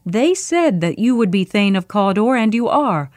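Brief: uneasy nobleman, murmuring and a bit higher, a woman storyteller puts him on. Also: very animated, moderate pace, darkish tone, dry recording, clean studio sound, natural voice. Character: restless loyal nobleman, uneasy.

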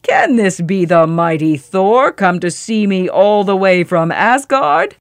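Woman playing a huge jolly male giant, loud, slow, mocking, storybook, dry close sound. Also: mid-range voice, expressive, no echo.

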